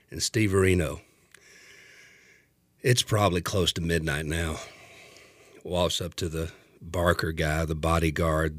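Man, very low voice, animated storyteller, dry close sound. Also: no room sound. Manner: animated, acts out voices, laughs a lot. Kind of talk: comic storytelling.

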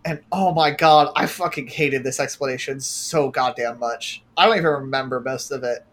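A casual co-host talks through a recap at a middling pitch, cursing freely in an exasperated way. The delivery is a loose, rambling retelling between friends. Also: normal speed, a bit bright. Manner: profane, exasperated storytelling. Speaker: podcast co-host. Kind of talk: casual chat recapping a show.

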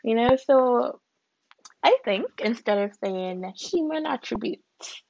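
A woman's voice: fairly high pitch, animated, slow pace, gravelly, a little mellow, no room sound, muffled recording. A woman hosting a podcast from a room at home, reading aloud and musing in a chatty way with lots of "like" and "you know". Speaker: podcast host. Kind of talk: casual podcast talk mixed with reading aloud.

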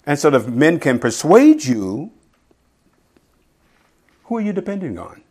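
A middle-aged man preaching a sermon in a conversational teaching style, reading scripture slowly and asking his listeners "right?". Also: on the high side, sing-song, a little mellow. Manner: quotes scripture slowly and deliberately. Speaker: pastor.

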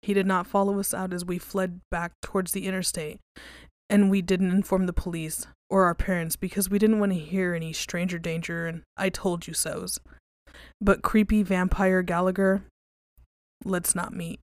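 A woman hosting a podcast, reading creepy stories aloud and then chatting casually, relaxed and conversational, with some swearing. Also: lowish voice, normal speed, no room sound, clean studio sound.

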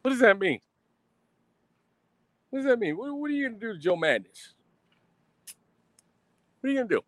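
A man's voice: very high voice, big pitch swings, normal speed, dry recording. A man ranting defiantly on a live stream, swearing constantly and mocking his critics with sarcasm.

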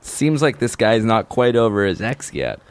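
A man's voice: lowish voice, big pitch swings, normal speed, dry recording. A man co-hosting a comedy podcast, reading listener letters and bantering casually. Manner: reads a listener letter aloud, breaks into goofy chanting. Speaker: podcast co-host.

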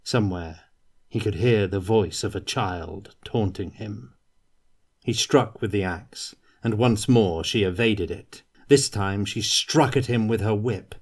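Slow, low-voiced male novel reader. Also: darkish tone, husky. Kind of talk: reading a novel aloud.

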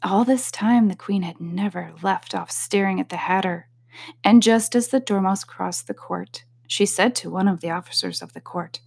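A woman narrating a classic storybook aloud, calm with soft whispered asides. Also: mid-range voice, moderate pace, gravelly, slightly rough. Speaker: audiobook reader.

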